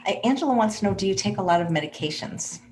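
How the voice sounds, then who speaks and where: A woman's voice: medium pitch, expressive, fast talker, darkish tone, a little hiss or hum. A woman hosting a casual interview, chatty and rambling as she reads out viewer comments. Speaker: host.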